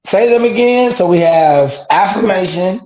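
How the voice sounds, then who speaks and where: A man's voice: high-pitched, animated, a little slow, darkish tone. Earnest man, echoey dull audio. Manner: earnest, repeats call-and-response affirmations. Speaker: podcast guest, father of two daughters. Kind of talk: casual interview talk.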